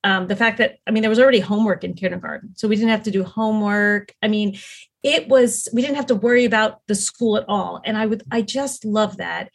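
A woman's voice: medium pitch, a little fast, gravelly. A middle-aged woman talking as a podcast guest, telling her story in an earnest, rambling way with many fillers and restarts. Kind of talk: casual conversational storytelling.

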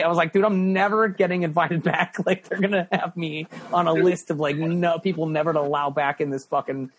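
Guest, male, high pitch, animated storyteller who acts out every character. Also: slight background noise. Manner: animated, profane, laughs often, acts out the people in his story. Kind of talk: casual storytelling.

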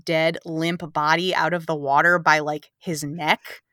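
Woman podcast host ranting through a movie recap, bright punchy voice, sarcastic, dry close mic. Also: sits low, unhurried, dry recording. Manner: animated, sarcastic, acts out characters' lines. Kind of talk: casual movie recap chat.

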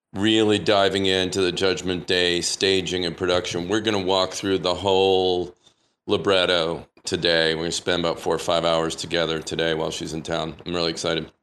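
A man in a casual online group chat who sounds relaxed and tired while talking about his work day. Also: low-pitched. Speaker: panel speaker.

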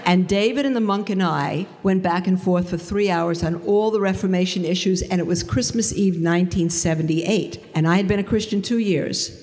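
A woman giving a faith testimony to an audience, telling her story in an animated way and acting out the dialogue. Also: fairly low pitch, normal speed, few pauses, long reverb tail.

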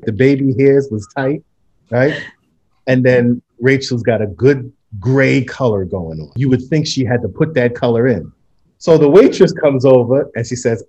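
A man's voice: mid-range voice, darkish tone, highs cut off. A man hosting a casual podcast chat, swearing freely and ranting with emphasis. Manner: profane, ranting. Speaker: podcast host.

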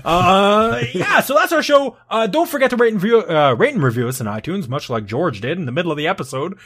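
A man's voice: high-pitched, lively intonation, fast, fairly bright tone, husky. A man co-hosting a podcast, teasing his guests in casual banter and laughing often. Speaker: podcast co-host.

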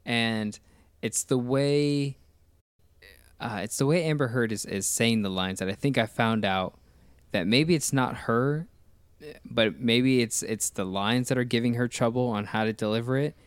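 A man's voice: mid-range voice, a little slow, smooth, no echo. A man hosting a casual film commentary, enthusiastic and rambling, with many restarts. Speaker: podcast host.

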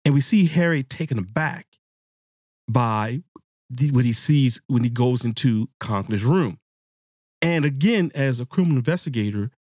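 A man hosting a casual book-discussion podcast, talking to his listeners in a rambling, excitable way and swearing freely. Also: mid-range voice, no echo, clean studio sound. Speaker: podcast host.

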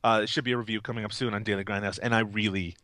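A man's voice: lowish voice, steady tone, racing, sharp tone, no echo. A man co-hosting a podcast in casual, rambling, enthusiastic chat, often laughing, while recovering from a cold. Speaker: podcast co-host.

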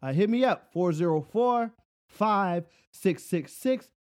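A man with a very high voice hosts his own show and rants in a loose, rambling way. He keeps asking if you follow him and often laughs at his own jokes. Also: slow pace. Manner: rambling, animated, repeats "you know what I'm saying". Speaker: podcast host. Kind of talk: solo casual rant.

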